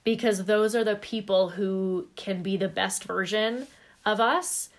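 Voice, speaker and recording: A woman co-hosting a podcast who talks candidly and emphatically. Her voice sits mid-range, and she swears casually now and then in relaxed chat. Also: mid-range voice, unhurried. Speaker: podcast co-host.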